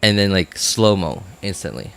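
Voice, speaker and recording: A man's voice: deep voice, expressive, normal speed, creaky, fairly bright tone. A man streaming a video game, talking casually in a rambling way full of filler words and often laughing at himself. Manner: self-amused, laughs often. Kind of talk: casual chat while gaming.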